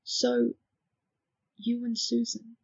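A woman voicing a quiet, sad young man, a wizard student, speaking softly and hushed. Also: mid-range voice, steady tone, unhurried, vocal fry, breathy edge, dry recording. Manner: soft, hushed and subdued. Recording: dull lo-fi dry recording.

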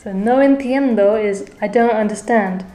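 A woman's voice: medium pitch, normal speed, warm tone, echoey room, soft background music, low-quality recording. A woman co-hosting a casual language lesson, explaining phrases in English in a chatty, friendly way. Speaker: co-host.

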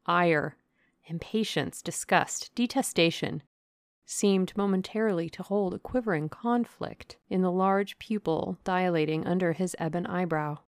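A woman narrating a classic novel as an audiobook, in a measured, deliberate reading. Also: lowish voice, gravelly, dry recording, studio quality.

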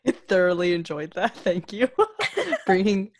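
A woman's voice: medium pitch, very animated, a little slow. A woman co-hosting a podcast in casual chat, amused and reacting to her co-host's stories. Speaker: podcast co-host.

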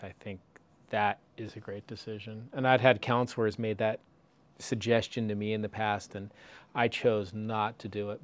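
A man with a fairly low voice shares his thoughts with a meditation group. He hesitates often, filling gaps with ums and repeating words as he restarts. When he reads a poem aloud, he slows right down. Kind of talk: sharing and reading a poem aloud.

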